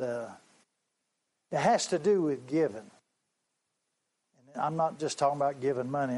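A man preaching a sermon, telling a story slowly and earnestly and repeating his phrases. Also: medium pitch, mellow, poor audio.

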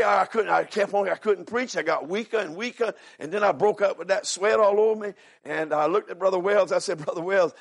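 Older male preacher, high voice, fervent, shouts and hushes by turns. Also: vocal fry. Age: 70s. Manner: fervent, swinging from hushed storytelling to shouted cries; peppers talk with "amen" and "are you listening". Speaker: visiting preacher. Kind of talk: sermon.

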